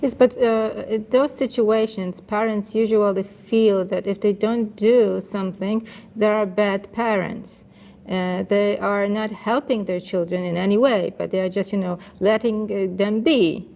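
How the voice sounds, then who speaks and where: A woman's voice: medium pitch, steady tone, a little slow, gravelly, dark tone. A woman interviewer asking questions in a hesitant way, with fillers.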